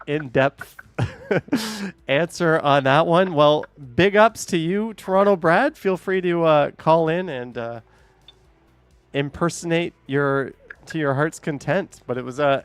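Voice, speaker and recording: A man's voice: on the high side, clean tone, dry recording. A man hosting a live stream, chatting with callers, laughing often and reading chat messages aloud.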